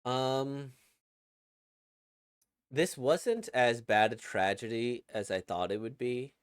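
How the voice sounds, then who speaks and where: A man's voice: mid-range voice, slow, clean tone, no echo, clean studio sound. A man casually reacting to a webcomic he reads, rambling and reflective, with many fillers and restarts.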